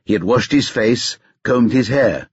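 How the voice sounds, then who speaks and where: A man reading an audiobook thriller in a measured, even storytelling manner. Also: mid-range voice, breathy edge, no room sound. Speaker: audiobook narrator. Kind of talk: scripted narration. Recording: dull lo-fi dry recording.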